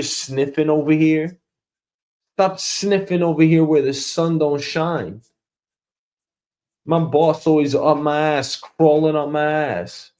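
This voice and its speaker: This show host has a slightly high, somewhat mellow voice. His comedic rant targets his boss, full of swearing and animation, as he plays out office exchanges himself.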